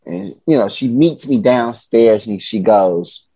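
A man's voice: fairly low pitch, slow pace, slightly rough, dry recording. A young adult man from Chicago, a podcast guest telling a comic story and acting out the voices of the people in it. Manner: animated, acts out voices of people in his story. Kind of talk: comedic storytelling.

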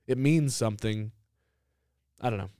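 A man's voice: lowish voice, normal speed, mellow, no room sound, clean studio sound. A man from the United States co-hosting a casual podcast, opinionated and loose, with lots of "like" and "you know". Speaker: podcast co-host. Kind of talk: casual chat.

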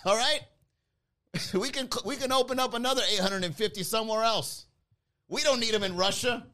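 A man voicing a cocky male fast-food clown mascot who talks in a breezy, boastful way. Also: high voice, sharp tone, voice pushed up.

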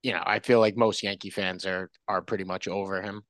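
A man's voice: low voice, steady tone, brisk, a bit bright, dry recording. Tentative man guest, dry close sound. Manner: tentative, questioning, hedging. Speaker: podcast guest. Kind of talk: casual sports chat.

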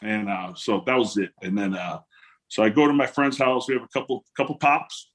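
Husky man telling animated stories. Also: on the low side, brisk. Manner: animated storyteller who acts out quotes and laughs often. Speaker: guest, former pro football player. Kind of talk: casual storytelling interview.

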